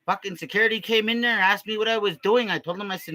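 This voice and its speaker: A man's voice: high voice, fast, bright, forceful tone. A young man improvising a crude comic story, rambling, cursing constantly and tagging lines with "man". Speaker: comedy vlogger.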